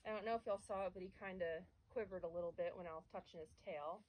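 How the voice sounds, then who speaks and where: A woman training a young horse, talking casually to the camera and softly praising the animal as she works. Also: fairly low pitch, quick pace, poor audio. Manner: soft, coaxing praise to the horse. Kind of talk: casual vlog narration while working a horse. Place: outdoors with a horse.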